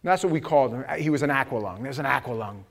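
A middle-aged man preaching a sermon, telling stories with acted-out voices and rising to shouts at the peaks. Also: mid-range voice, very fast. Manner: animated storytelling, acting out voices, shouting at peaks. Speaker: pastor.

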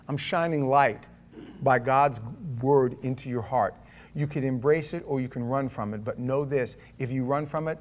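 A male pastor with a mid-range voice preaches a sermon, swinging between loud, emphatic lines and quiet asides. His delivery is chatty, with restarts and stammers.

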